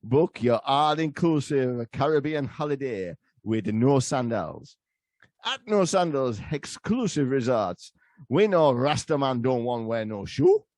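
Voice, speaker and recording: A man putting on a patois voice as a male radio ad announcer with a slow, drawling sales pitch. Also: very animated, a little mellow, no echo, studio quality. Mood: mock salesy.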